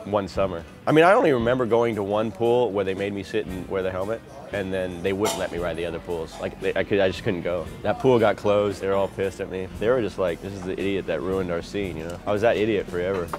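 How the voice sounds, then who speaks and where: A man's voice: sits low, quick pace, over music. A skateboarder around fifty telling old stories in a rambling way, often laughing as he goes. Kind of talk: casual storytelling interview.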